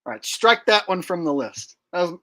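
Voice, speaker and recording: A man's voice: high voice, very animated, moderate pace, pushed and bright. A man hosting a casual livestream, chatting and joking about his own impressions. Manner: joking, self-mocking, laughs often. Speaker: host.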